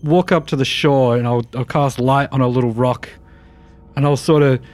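A man playing a tabletop game, describing his character's actions in a relaxed, meandering way. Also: mid-range voice, normal speed, faint music behind. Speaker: player. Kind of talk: casual tabletop play.

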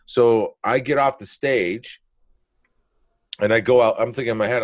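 A man's voice: medium pitch, normal speed, long pauses, no room sound. A male comedian telling a wild story in casual, blunt talk, swearing freely and acting out the moments. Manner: animated, blunt, profane storytelling with acted-out moments. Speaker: comedian guest.

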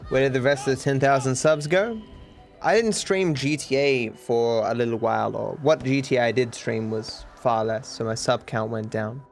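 Young man, streamer, casual rambling, swears freely, even mid voice, soft music underneath. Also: medium pitch, normal speed, gravelly. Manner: candid, self-deprecating, swears freely.

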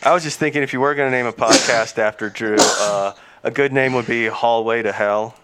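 A man's voice: mid-range voice, a little fast, heavy background noise. A man cracking dry jokes on a comedy podcast.

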